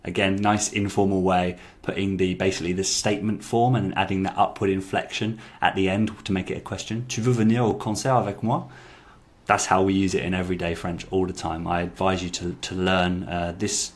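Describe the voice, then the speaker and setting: A low-voiced man talks casually through an app review, chatty and full of fillers. He repeats lines aloud before commenting on them. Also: little pitch movement, a little fast, hardly any pauses. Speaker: language-learning YouTuber.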